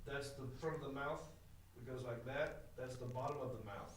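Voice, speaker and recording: A man's voice: medium pitch, brisk. A man with a scratchy, sore throat hosting a casual comedy talk show, joking and rambling through stories. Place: studio set with a small crew.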